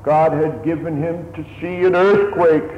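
A man preaching a sermon slowly and solemnly, building to raised emphasis at times. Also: a little high, fairly even intonation. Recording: tinny phone-like sermon recording in an echoey hall.

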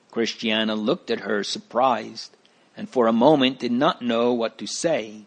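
A man narrating a story aloud in a calm, deliberate way. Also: medium pitch, vocal fry.

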